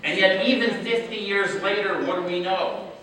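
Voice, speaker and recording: A man giving a conference keynote as a public health official, rhetorical and emphatic, often asking the audience "right?" and slowing to stress key words. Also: high voice, steady tone, pushed and bright. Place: large conference hall. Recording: echoey hall, voice from far off.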